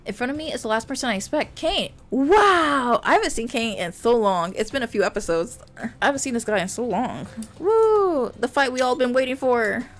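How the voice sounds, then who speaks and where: A woman streamer reading a visual novel aloud and reacting with animated exclamations. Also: a little high, normal speed. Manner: animated, exclaiming and laughing at the story.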